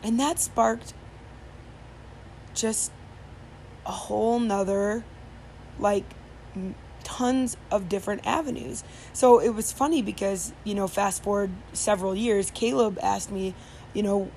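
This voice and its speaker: A woman's voice: medium pitch, unhurried, gravelly, long pauses, darkish tone. A woman in the middle of her own range tells a story on her podcast, rambling along with plenty of fillers and restarts. The talk is loose and conversational. A faint background noise sits under her voice. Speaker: podcast host. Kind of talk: casual storytelling monologue.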